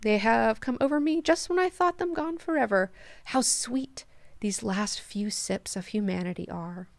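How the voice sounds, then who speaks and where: A woman voicing an ancient, brooding male god-emperor, speaking quietly and solemnly. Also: a little high, normal speed, creaky, no room sound.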